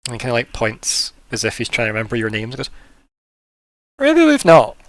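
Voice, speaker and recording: A man's voice: mid-range voice, wildly swooping pitch, brisk, dry recording. A man voicing a lazy, forgetful male creature who has just been woken, speaking in a raised, indignant, drowsy voice. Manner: sleepy, forgetful, theatrically indignant.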